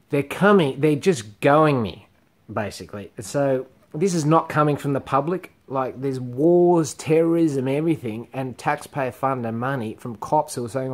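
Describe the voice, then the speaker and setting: A man's voice: medium pitch, darkish tone. A middle-aged Australian man, a comedian, delivering a blunt, profane, rambling rant straight to camera. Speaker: comedian vlogger. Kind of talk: ranting monologue to camera.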